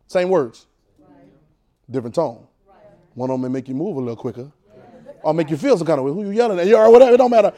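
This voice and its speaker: A man's voice: fairly high pitch, lively intonation, fast talker, pauses often, dark tone. A man preacher teaching a Bible class, repeating phrases and pulling call-and-response answers from the room.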